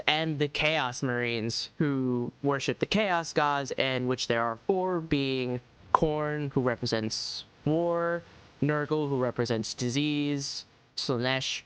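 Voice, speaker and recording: A man's voice: mid-range voice, fairly bright tone, smooth. A man giving a casual, rambling video game review, full of "like" and restarts. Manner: rambling, lots of fillers.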